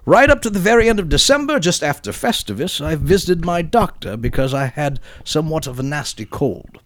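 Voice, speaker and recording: A man doing a wry, rambling British letter writer with a voice that swings high and low all through. The comic put-on accent is laid on thick and stays fairly high. The sound is dry and close. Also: a bit bright, dry recording. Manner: comic exaggerated reading voice. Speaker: podcast co-host reading a listener email.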